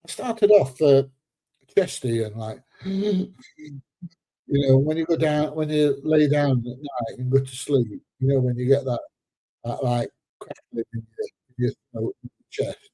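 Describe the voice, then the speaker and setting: A seventy-year-old Englishman, a little bunged up, talks in a loose, joking way on his live stream. His voice is deep, mellow and very husky. The sound is close and dry, with no room around it. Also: a little slow, long pauses, dry recording. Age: 70s. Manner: chatty and joking, laughs often, drops into slang. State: a bit congested. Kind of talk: casual live-stream chat reading viewer comments.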